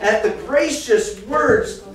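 Animated man teaching kids in an echoey room. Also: extremely high pitch, slow. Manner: animated storyteller, reads scripture then talks directly to the kids. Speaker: children's church teacher. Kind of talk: Bible lesson for children. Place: church classroom. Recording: echoey room from far off, faint noise.

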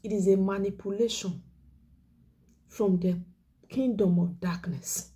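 A woman's voice: medium pitch, unhurried, dark tone. A woman evangelist preaching an emotional sermon, pleading earnestly, repeating her points and sometimes dropping to a whisper. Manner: drops to a whisper on key words. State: emotional, near tears. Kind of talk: exhortation sermon.

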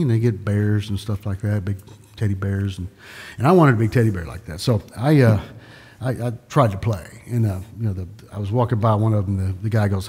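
A man from Texas talks his way through card tricks on a live stream, his husky voice trailing off in a long reverb. He rambles, restarts and drops corny jokes between moves. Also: fairly low pitch, fairly quick, mellow. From Dallas, Texas. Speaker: magician. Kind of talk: live-streamed magic show with joking patter.

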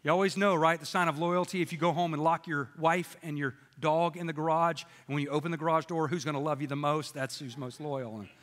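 A man's voice: on the high side, fairly even intonation, fast, hardly any pauses, fairly bright tone, long reverb tail. A middle-aged man, a pastor, preaching a sermon in a church in a folksy storytelling way with jokes. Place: church sanctuary with congregation.

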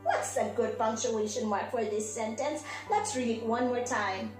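A woman, a preschool teacher, giving a slow, sing-song morning lesson to small children. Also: on the high side, echoey room, soft background music. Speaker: pre-K teacher.

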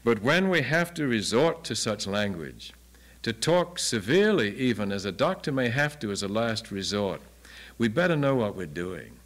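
A man's voice: on the low side, sing-song, moderate pace. An older man giving an earnest Bible lecture, asking many rhetorical questions. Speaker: Bible teacher.

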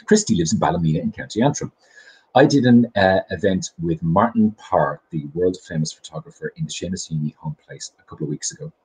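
Husky low-voiced Irish man hosting. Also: lively intonation, brisk, low-quality recording. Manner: chatty, enthusiastic, self-deprecating. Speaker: host. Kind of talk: casual chat show monologue. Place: home kitchen.

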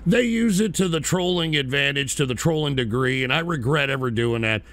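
A man's voice: medium pitch, fairly quick, fairly bright tone. A man hosting a call-in radio show, rambling through viewer names with brash, profane, mock-indignant banter.

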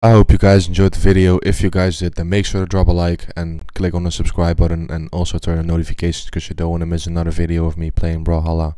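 A man delivering a quick, flat outro for his gaming video. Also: low-pitched, dry recording. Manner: flat, rushed sign-off. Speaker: gaming YouTuber.

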